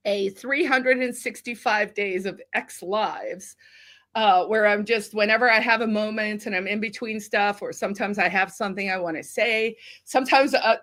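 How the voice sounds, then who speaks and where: A woman's voice: on the high side, fairly bright tone. Woman from South Africa, podcast guest, chatty and emotional, teary and tired. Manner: chatty, emotional, laughs often. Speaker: guest, activist. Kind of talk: casual podcast chat.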